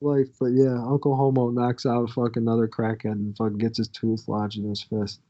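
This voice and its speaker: A man's voice: mid-range voice, level tone, fairly quick, mellow, lo-fi sound. A man co-hosting a podcast, telling a crude, swear-filled story from his youth in a casual way. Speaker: podcast co-host.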